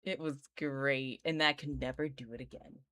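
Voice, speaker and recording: A woman's voice: rumbling low, fairly even intonation, moderate pace, a bit bright, clean tone, no echo. A woman, chatting casually and giggling as she draws on a live art stream. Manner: giggly, rambling, slangy. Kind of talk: casual chat while drawing live.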